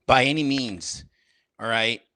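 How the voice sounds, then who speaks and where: A man's voice: mid-range voice, unhurried, bright, forceful tone, no room sound. A man hosting a casual livestream, chatting in slang straight to his viewers and a little out of breath. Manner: slangy, repetitive, talks straight to chat. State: slightly out of breath. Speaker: livestream host.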